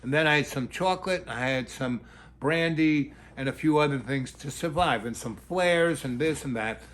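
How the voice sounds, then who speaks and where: A man telling a long, rambling personal anecdote in a halting way, with many restarts. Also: a little high, a bit bright. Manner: halting, full of fillers and restarts, acts out quoted voices. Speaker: storyteller.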